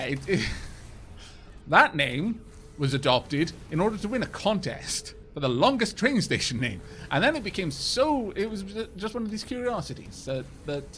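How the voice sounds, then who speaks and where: A Welsh man chatting quickly and casually with his viewers while he plays a game, poking fun at himself as he goes. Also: on the high side, sing-song, a bit bright, slight background noise. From Wales. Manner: fast-talking, chatty, self-mocking. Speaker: game streamer. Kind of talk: casual live-stream chat over gameplay.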